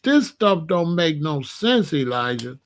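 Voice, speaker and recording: A man with an African American accent talks casually as a commentary host, rambling and retelling his conversations with lots of repeats and restarts. He speaks slowly, in a somewhat high voice. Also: big pitch swings.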